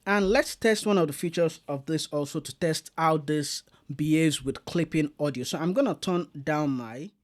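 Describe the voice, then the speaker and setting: With a voice on the high side and hardly any pauses, a man talks at a moderate pace through a streaming mixer. He's a tech reviewer, chatty and casual, showing off the gear's features as he goes.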